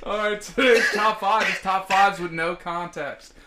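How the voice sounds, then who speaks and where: A man's voice: high voice, fairly even intonation, measured pace, background noise. A man hosting a casual podcast, joking at his own expense and swearing freely. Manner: self-deprecating, swearing, joking. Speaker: podcast host. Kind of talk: casual chat.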